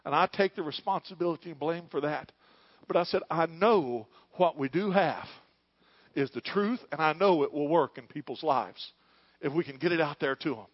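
A middle-aged male pastor preaching a sermon in church, moving between quiet, hushed lines and loud, fervent calls. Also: on the high side, dry recording, lo-fi sound. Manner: preaching, swings from hushed to shouting.

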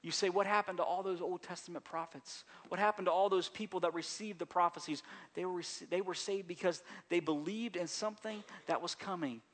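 A male pastor preaching a sermon in a church service, moving between hushed, gentle passages and raised, emphatic appeals, with frequent repeats and restarts. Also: high-pitched, a little fast, hardly any pauses. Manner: repeats phrases and restarts mid-sentence, conversational preaching.

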